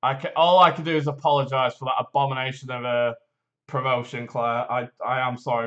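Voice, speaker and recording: A man's voice: mid-range voice, level tone, a little fast, a bit bright, muffled recording. Rambling, self-mocking man. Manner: rambling, self-deprecating, jokey. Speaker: host of a local live show. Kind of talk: casual live-stream chat with read promotion.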